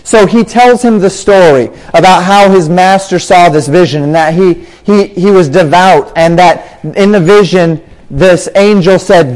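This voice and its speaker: A man's voice: high voice, normal speed, darkish tone, rough recording. A man preaching a sermon, explaining scripture and drawing out words for emphasis.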